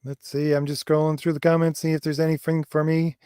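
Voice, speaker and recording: A man co-hosting a casual livestream chat, speaking earnestly and filling pauses with hesitations. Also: on the high side, flat delivery, mellow, smooth, dry recording, clean studio sound. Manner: earnest, fills pauses with um and quite honestly. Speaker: co-host and author.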